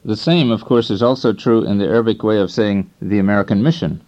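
A man with a fairly low voice reads scripted instructions for a language course in a measured, explanatory way. The recording is dull and lo-fi, like an old course tape. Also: a little mellow.

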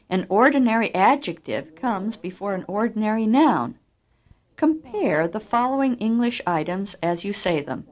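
A woman narrating a scripted language lesson in a clear, deliberate, explanatory way. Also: mid-range voice.

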